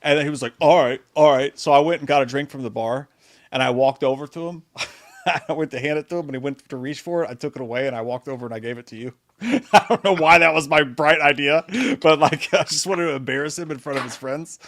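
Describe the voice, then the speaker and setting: A man's voice: a little high, fast talker, fairly bright tone. A man co-hosting a live show, telling profane anecdotes in casual chat and laughing often. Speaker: podcast co-host.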